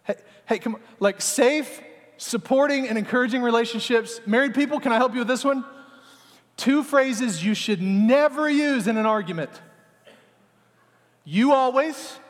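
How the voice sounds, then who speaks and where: Male pastor, high voice, animated sermon with acted-out scenes, long hall reverb. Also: normal speed. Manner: animated, acts out little scenes, talks to the congregation.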